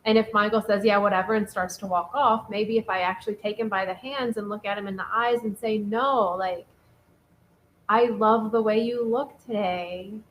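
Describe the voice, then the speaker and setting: A woman co-hosting a casual relationship talk show, chatty and animated, reading out listener comments. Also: mid-range voice, fairly quick, hardly any pauses, a little hiss or hum, poor audio. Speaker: podcast co-host.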